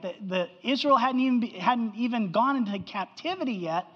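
A man's voice: high-pitched, expressive, a little fast, husky, long reverb tail, muffled recording. A man preaching a sermon as pastor, in a conversational style that keeps checking in with the congregation.

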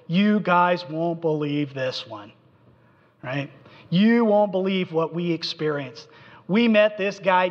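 A man preaching a sermon, telling the story with animation and acting out the quotes, in a dull recording in a reverberant hall. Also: a little high. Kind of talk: expository sermon.

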